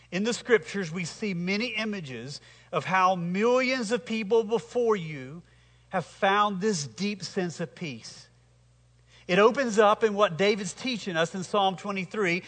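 A male pastor with a high, bright voice preaching a sermon in a church sanctuary. He speaks slowly and emphatically and has the congregation repeat lines after him. The sound carries the long reverb of a large hall. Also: lively intonation. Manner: slow, emphatic preaching with congregation call-and-response.

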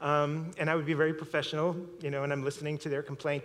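A man's voice: fairly high pitch, flat delivery, fast, hardly any pauses. A middle-aged man preaching a sermon, telling a story with frequent chuckles and repeated words. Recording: long hall reverb.

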